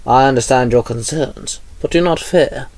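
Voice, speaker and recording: A man voicing a solemn male knight who speaks in a formal, measured way in a storybook reading. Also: mid-range voice, a little mellow, no room sound, lightly acted. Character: solemn male knight, the Silver Morphing Master.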